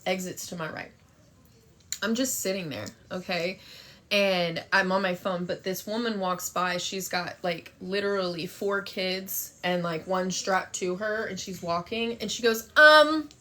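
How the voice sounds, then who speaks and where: A woman's voice: fairly low pitch, fairly even intonation, unhurried, fairly bright tone. A young woman telling a story and chatting on a phone livestream, brash and profane, thanking viewers for gifts. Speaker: TikTok live streamer.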